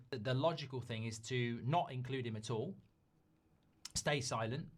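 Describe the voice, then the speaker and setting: Pundit guy, talks it through calm and steady, mid voice. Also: mid-range voice. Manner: measured, reasons aloud, quick asides. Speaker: football pundit in a played clip. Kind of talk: football opinion commentary.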